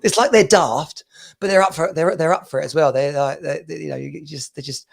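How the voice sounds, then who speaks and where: A man's voice: fairly high pitch, a little fast, creaky. A man from the UK in his thirties, hosting a casual podcast chat and rambling through stories between laughs. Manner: rambling, chatty storyteller who laughs often. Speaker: podcast host.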